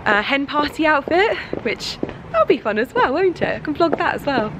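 A young woman, chatting excitedly to her handheld camera while out shopping, full of fillers. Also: high voice, normal speed. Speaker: vlogger. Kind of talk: casual vlog chat. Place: out and about in shops, streets and a bridal boutique. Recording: noisy street and shop audio.

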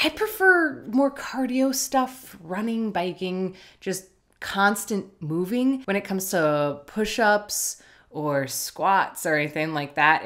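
A chatty woman vlogger talks casually from home, rambling and poking fun at herself. Her voice sits on the low side for a woman. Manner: chatty, rambling, self-deprecating. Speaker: vlogger and artist. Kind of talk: casual vlog chat. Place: home, indoors.

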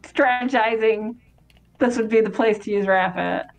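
A woman's voice: a little high, moderate pace, poor audio. A woman co-hosting a casual let's-play of retro games, chatty and easygoing, laughing often. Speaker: game co-host.

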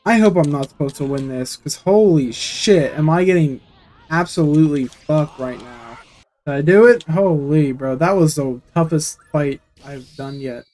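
A fairly high-voiced young man talks through his gameplay in let's-play style. He is excitable and rants at the game, swearing freely. Faint game music plays behind him. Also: a little slow. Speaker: gaming YouTuber.

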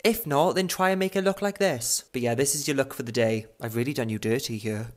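A young man sending a playful video message, theatrical and teasing. He talks like he is presenting to a crowd. His pitch is middling for a man. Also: fairly quick. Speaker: guest giving a challenge.

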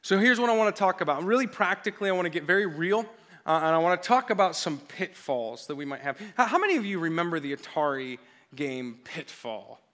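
Male pastor, sermon. High voice with a sharp, forceful edge. Energetic and emphatic, drives call-and-response with the congregation. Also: brisk. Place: church service.

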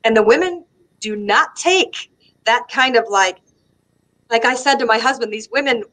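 A middle-aged woman from the United States with a Southern American accent, telling lively stories as a guest and laughing often. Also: fairly high pitch, moderate pace, rough recording. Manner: animated storyteller, laughs often. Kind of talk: casual conversation on a live stream.

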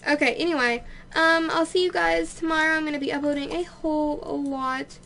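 Young female let's-play host, high voice, bubbly and gushing, casual home commentary with faint hiss. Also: fast, vocal fry. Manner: bubbly, easily excited, gushing.

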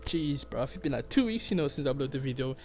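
A young man giving slangy, excitable gameplay commentary and swearing often. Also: medium pitch, fast talker, faint music behind. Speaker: gaming YouTuber.

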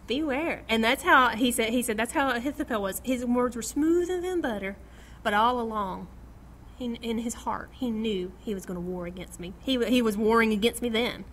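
There's slight background noise as a middle-aged woman teaches a small-group Bible study at a moderate pace in a somewhat high voice. She's animated, reading scripture aloud, dramatizing quotes and laughing frequently.

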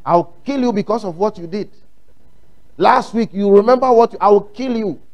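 A man with a Ghanaian English accent voicing a menacing person claiming a spirit, threatening slowly. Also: high-pitched, darkish tone, pitched above the performer's own voice.

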